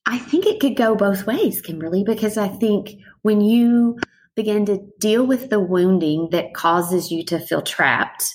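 A middle-aged woman talking thoughtfully in a relaxed conversation, slowing down and showing how breathing works. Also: mid-range voice, rough recording. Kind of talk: reflective conversational chat.

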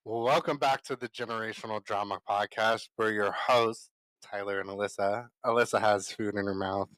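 A man's voice: lowish voice, steady tone, moderate pace, fairly bright tone, faint music behind. A man co-hosting a podcast in casual late-night chat, rambling with lots of fillers while eating. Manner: rambling, heavy use of "like" fillers. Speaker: podcast co-host.

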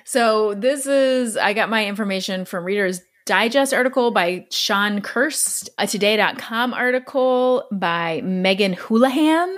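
A woman's voice: medium pitch, expressive, measured pace, few pauses. A woman hosting a podcast, telling a true story in a chatty, earnest way and laughing easily.

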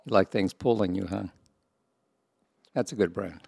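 A man with a gravelly, husky voice chatting as a podcast co-host, joking and hesitant. The sound is close and dry. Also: low voice, moderate pace, darkish tone, dry recording. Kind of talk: casual chat.

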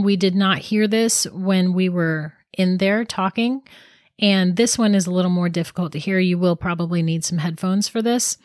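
A woman's voice: on the low side, no room sound, studio quality. A woman casually telling viewers about an eerie recording, chatty and intrigued, often restarting her sentences. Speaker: paranormal storyteller.

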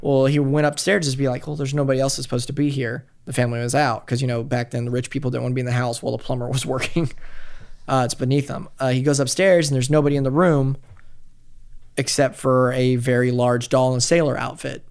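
A man hosting a podcast, telling a story in casual, profane, animated chat. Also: medium pitch, fast talker, clear, resonant tone.

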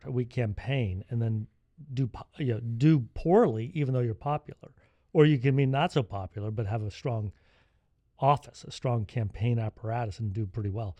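Man, mid-pitched voice, podcast guest, measured, dry humor, dry sound. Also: warm tone, dry recording, muffled recording. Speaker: podcast guest, think-tank executive. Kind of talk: political podcast chat.

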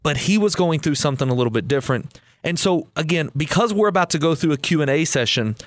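A man's voice: on the high side, lively intonation, fast talker, dry recording. A man hosting a podcast, telling a story and reflecting on it in a friendly, casual way. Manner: friendly, reflective, with filler restarts. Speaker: podcast host.

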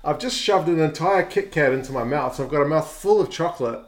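A man's voice: fairly high pitch, animated, fast talker. A man co-hosting a podcast in casual chat, with dry, wry banter. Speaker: podcast co-host.

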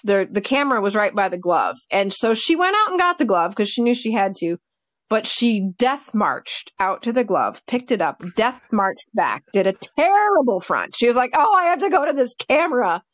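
A woman dog trainer telling stories in a casual podcast chat, animated and full of fillers. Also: on the high side, no echo, clean studio sound. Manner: chatty, animated, with many fillers like "like" and "you know".

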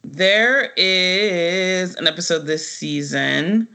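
A woman co-hosting a casual podcast chat, her voice bright and forward. She rambles through episode plots with plenty of "like" and "um" and a relaxed, conversational flow. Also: lowish voice, extremely slow. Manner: chatty, full of fillers, quotes characters in animated voices. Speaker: podcast co-host. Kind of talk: casual chat recapping a sitcom.

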